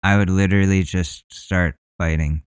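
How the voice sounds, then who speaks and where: A man's voice: sits low, fairly even intonation, normal speed, smooth, dry recording. A male podcast host ranting heatedly in profane commentary.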